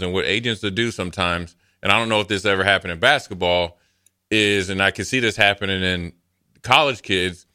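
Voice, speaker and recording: A male co-host lays out his take in a confident, chatty way. His voice is low but bright and smooth. The sound is dry and close. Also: no echo. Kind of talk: casual sports talk.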